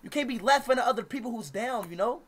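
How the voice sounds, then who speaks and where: A man streaming in public, chatting loudly and playfully with strangers in a casual, teasing way. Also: extremely high pitch, expressive, quick pace, a crowd in the background. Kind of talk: casual street chat with strangers.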